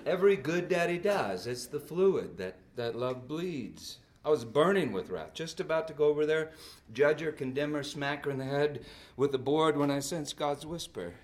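A man in his fifties preaching a sermon and telling stories, swinging between loud outbursts and soft drops. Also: a little high, expressive, moderate pace. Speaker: pastor.

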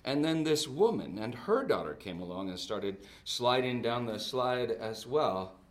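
A man in his fifties preaching a sermon and telling stories, swinging between loud outbursts and soft drops. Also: mid-range voice, lively intonation, a little slow. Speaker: pastor.

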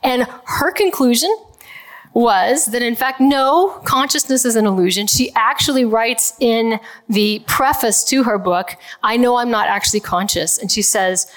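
A woman's voice: a little high, a little slow. Woman explaining physics to an audience. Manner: conversational, explains with everyday examples, checks in with "okay". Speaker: physicist giving a public talk. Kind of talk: lecture to a live audience.

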